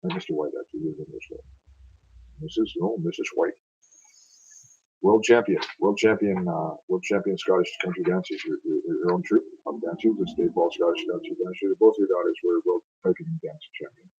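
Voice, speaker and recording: A man's voice: low-pitched, sing-song, moderate pace, a little mellow, slightly rough, highs cut off. A man reading narrative verse aloud and chatting afterward, in a loose, stumbling way, often correcting himself. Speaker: amateur poetry reader.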